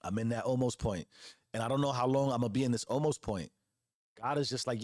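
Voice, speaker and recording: A man's voice: medium pitch, quick pace, darkish tone, dry recording, clean studio sound. A man in his forties giving an earnest motivational monologue as host, preaching with casual slang and repeated phrases. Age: 40s. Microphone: close podcast mic.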